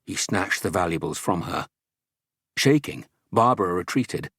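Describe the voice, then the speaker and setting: Deep, husky male audiobook narrator. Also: lively intonation, fairly bright tone, no echo, clean studio sound. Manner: measured storytelling. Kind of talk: scripted narration.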